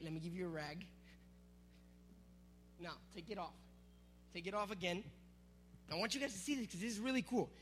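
A man preaching to a youth group, energetic and teasing, calling out to the crowd. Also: high voice. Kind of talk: sermon with object lesson.

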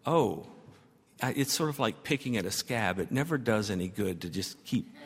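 A man's voice: on the low side, lively intonation, normal speed, breathy edge. Pastor guy preaching, tells a story then builds up big repeated lines, church reverb all around. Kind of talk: sermon. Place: church sanctuary.

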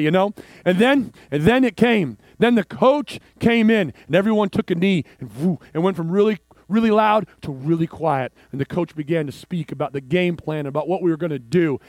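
Guy preaching, high voice, dry close sound, goes from hushed to fired up telling his story. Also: no echo. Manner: storytelling, swings from hushed to excited. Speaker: pastor. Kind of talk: sermon.

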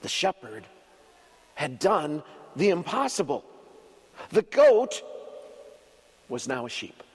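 A man preaching a children's sermon as an expressive storyteller who uses dramatic pauses. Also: on the high side, breathy edge, in a large hall. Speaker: pastor.

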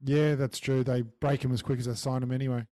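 A man's voice: mid-range voice, flat delivery, fast, mellow, no room sound. An Australian man co-hosting a casual sports podcast, agreeable and matter-of-fact. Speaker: podcast co-host.

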